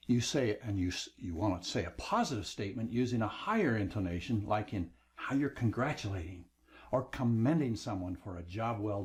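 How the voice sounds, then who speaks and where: A man's voice: lowish voice, a little mellow. A middle-aged man teaching a recorded lesson on speaking, lecturing with varied emphasis. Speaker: instructor.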